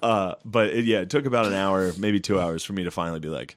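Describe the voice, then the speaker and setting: A man's voice: deep voice, fast talker, few pauses, dry recording. A man telling a story in a casual chat, swearing often, laughing a lot and slipping into mock voices. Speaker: stand-up comedian.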